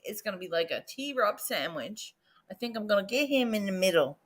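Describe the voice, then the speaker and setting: A woman hosting a casual livestream, excitable and chatty, jumping from loud exclamations to quiet muttering. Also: medium pitch, moderate pace. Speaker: livestream host.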